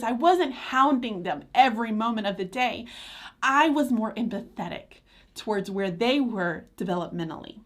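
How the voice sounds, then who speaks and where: A woman teacher, talking to parents and teachers in a chatty, animated live chat and laughing easily. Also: on the high side. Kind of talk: informal talk to parents and teachers.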